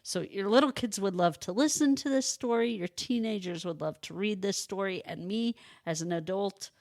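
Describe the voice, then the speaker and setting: A woman's voice: mid-range voice, moderate pace, a little mellow, dry recording, studio quality. A young woman co-hosting a podcast, chatting casually and gushing with enthusiasm. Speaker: podcast co-host. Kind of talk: casual chat.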